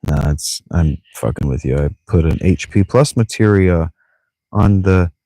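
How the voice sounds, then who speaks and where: A man casually commenting while he plays a video game, full of deadpan jokes and muttered asides. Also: sits low, unhurried, no room sound. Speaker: streamer playing a video game. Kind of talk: casual let's-play commentary.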